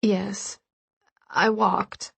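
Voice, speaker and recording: A woman voicing a shaken, tearful young heroine in an audiobook, speaking in halting, unsteady bits. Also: medium pitch, flat delivery, creaky, fairly bright tone, slightly rough, voice pushed up, full character voice. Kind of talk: audiobook dialogue.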